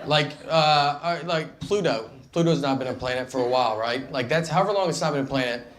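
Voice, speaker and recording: Deadpan man doing stand-up in a hall. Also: on the high side, a little fast. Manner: deadpan, rambling storytelling with many fillers. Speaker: stand-up comedian. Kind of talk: stand-up comedy set. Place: large theater stage with a live audience. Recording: reverberant hall with audience noise.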